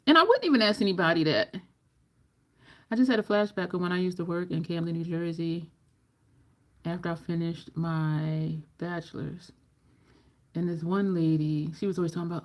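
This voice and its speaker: A woman makeup vlogger chatting casually through a tutorial, animated, swearing and laughing as she acts out the people in her story. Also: fairly low pitch, brisk, pauses often.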